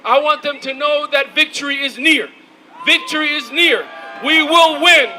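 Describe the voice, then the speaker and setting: High, bright-voiced man shouting a rally speech. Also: moderate pace, faint music behind, rough recording. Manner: shouting, rousing, call-and-response. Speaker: rally speaker. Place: outdoor protest rally.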